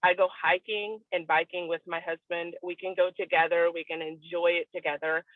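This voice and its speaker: A woman's voice: lowish voice, level tone, normal speed, no room sound. Earnest woman on a tinny phone line. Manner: earnest, candid, tearing up at times. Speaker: guest sharing a testimonial. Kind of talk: emotional personal testimony on a video call.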